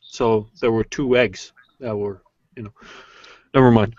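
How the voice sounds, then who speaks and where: A man's voice: on the low side, fairly even intonation, unhurried, darkish tone, no room sound, dull audio. A man from Norway chatting casually with friends in a live group hangout, stammering, restarting and swearing often.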